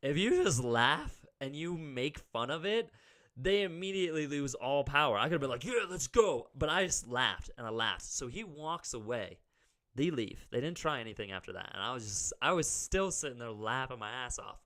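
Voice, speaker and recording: A young man co-hosting a podcast, telling a story in a casual, animated way, full of "like" and loud acted-out quotes. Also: mid-range voice, normal speed. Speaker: podcast co-host.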